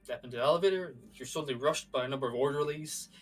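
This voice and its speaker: A man narrating a tabletop game as game master, describing scenes in a steady way. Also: medium pitch, very fast, breathy edge, recorded from a distance, soft background music.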